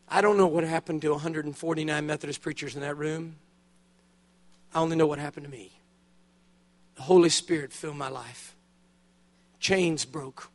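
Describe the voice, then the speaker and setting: Older male preacher with a fairly high voice who tells his story with big animated swings, bursting loud on the excited parts and dropping low and hushed on the solemn ones. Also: moderate pace, long pauses. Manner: drops to a hushed, low delivery on solemn points. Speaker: guest preacher. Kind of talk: sermon. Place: church conference hall.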